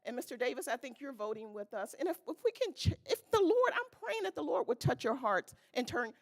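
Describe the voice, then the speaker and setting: A woman's voice: high-pitched, big pitch swings, a little fast. A woman making an emotional, pleading public comment at a city council meeting, speaking at a podium microphone. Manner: pleading, earnest, tearful at times. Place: council chamber.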